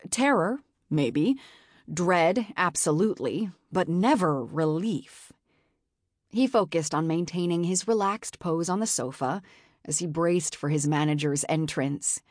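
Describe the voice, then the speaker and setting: A woman narrating a novel in a measured, expressive audiobook style. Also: low-pitched, no echo, studio quality. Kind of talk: scripted narration.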